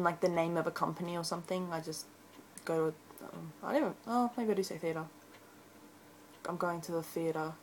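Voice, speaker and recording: A teenage girl from Brisbane with a broad Australian accent and a slightly low voice chats casually to her webcam for an accent-tag video. She rambles through a word list, filling pauses with frequent ums. The rough recording carries a little hiss or hum.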